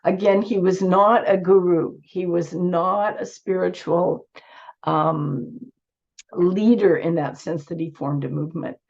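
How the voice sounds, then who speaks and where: A woman giving an earnest online talk with slides, her voice squeaky from a cold and her phrasing full of restarts. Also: fairly even intonation, takes it slowly, creaky, darkish tone. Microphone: video call. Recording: dull lo-fi video call audio.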